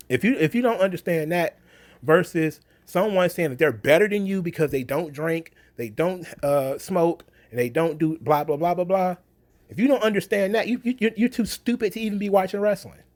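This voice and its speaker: Blunt, sarcastic man ranting. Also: high-pitched. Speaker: wrestling commentary vlogger. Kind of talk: casual opinion rant.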